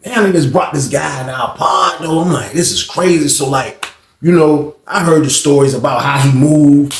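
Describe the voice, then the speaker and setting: A man with a fairly high voice tells a story casually, in slang. He swears freely and talks to his viewers as "y'all". The sound rings in an echoey room. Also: normal speed, a little hiss or hum.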